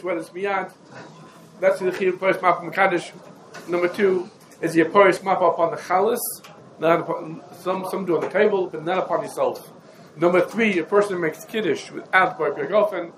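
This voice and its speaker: High-voiced man teaching a Torah class. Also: a little hiss or hum, poor audio. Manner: explains rapidly, listing rabbinic sources and quizzing listeners. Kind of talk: halachic lecture.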